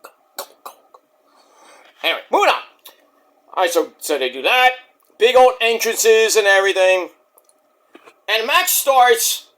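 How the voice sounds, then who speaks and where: A man recaps a wrestling show in casual, excitable talk that is full of swearing. His voice sits high and bright. His pitch swings widely as he gets carried away. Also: normal speed, long pauses. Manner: animated, swearing, acts out voices. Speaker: wrestling reviewer.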